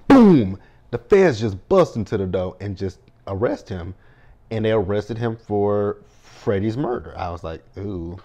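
A man's voice: fairly low pitch, a little mellow. A man hosting a casual TV episode recap, retelling scenes in a chatty way, often tagging "right?" and swearing as he reacts. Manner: swears, slips into quoted reactions. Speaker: TV recap host.

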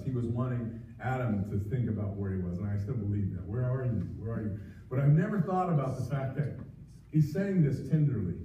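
In a church sanctuary, a pastor with a medium-pitched voice preaches an earnest, pleading sermon, frequently restarting his sentences. The livestream audio is distant, echoey and muffled, with a little hiss or hum.

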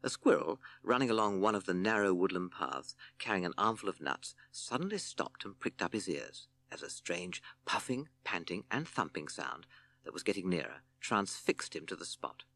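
A man narrating a children's storybook with expressive, playful storytelling. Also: lowish voice.

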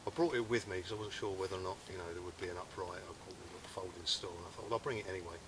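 A middle-aged British man hosting an outdoors channel, talking in an easygoing, relaxed way from a hammock in the woods. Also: low-pitched, very fast, noisy background. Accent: British English. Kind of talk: casual chat to camera.

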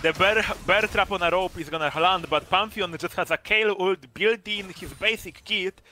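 A man casting an esports match with loud hype calls, his voice hoarse and worn from screaming. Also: sits high, normal speed, a little hiss or hum. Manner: shouts big hype calls, then drops to tired casual talk. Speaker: esports caster and streamer. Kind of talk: hyped esports draft and game commentary.

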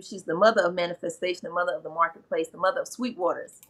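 Her voice is fairly low and a bit bright, with a steady tone and a very fast pace. This middle-aged spiritual practitioner earnestly recounts sacred myths in casual talk, now and then taking on the voices of those she quotes.

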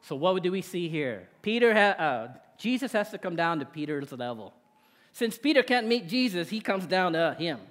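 A man's voice: high voice, sing-song, moderate pace, fairly bright tone, big-room sound. A male pastor preaching a sermon in a conversational way, often checking in with "right?". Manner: conversational, with tag questions.

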